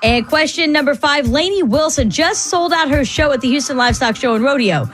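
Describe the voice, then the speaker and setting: High lively woman radio quiz host. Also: soft background music. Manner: brisk, playful, laughs easily. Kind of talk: morning radio quiz show.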